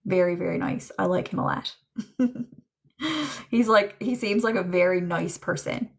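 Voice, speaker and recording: Woman, livestream psychic host, casual and chatty, frequent laughs, creaky voice. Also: mid-range voice, unhurried. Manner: chatty, relays messages in quotes, laughs often. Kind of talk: live-streamed spirit and tarot reading.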